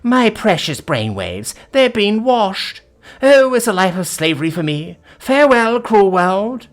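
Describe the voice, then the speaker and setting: Brief: male narrator playing a gleeful, smug woman executive, high and very lively, mocking everyone. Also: moderate pace, exaggerated voice. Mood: mock dramatic. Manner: sarcastic, theatrical, gleeful. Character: brash witty female ex-CEO, mocking captors. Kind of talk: audiobook character voice.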